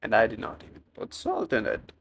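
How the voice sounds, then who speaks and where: A man's voice: on the low side, wildly swooping pitch, brisk, gravelly, a bit bright, a little hiss or hum. A man with a non-native English accent narrating his own cooking vlog in a chatty, self-mocking way. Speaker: cooking vlogger. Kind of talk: casual vlog voice-over.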